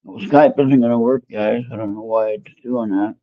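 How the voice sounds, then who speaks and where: A man's voice: on the low side, steady tone, moderate pace, no echo, muffled recording. A man hosting a casual tarot reading show, rambling and talking to himself as he fumbles with his phone. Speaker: tarot reader hosting an internet radio show. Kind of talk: casual live spiritual reading and chat.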